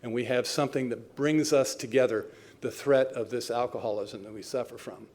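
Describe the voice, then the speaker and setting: A man's voice: mid-range voice, steady tone, fairly quick, a little mellow. A man in his seventies giving a personal talk at a recovery meeting, telling his story in a wry, self-mocking way. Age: 70s.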